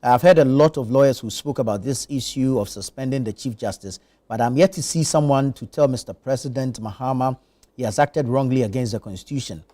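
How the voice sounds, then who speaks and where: A man's voice: medium pitch, brisk, warm tone. A man hosting a morning news review panel, reading out viewer messages and steering the talk. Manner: reads viewer messages, brief affirming murmurs. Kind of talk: morning show panel moderation. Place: TV studio.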